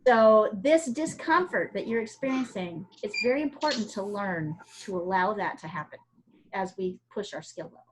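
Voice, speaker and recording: A woman's voice: medium pitch, normal speed, background noise. A woman from the United States teaching an art class over a video call, chatty and encouraging, with frequent fillers.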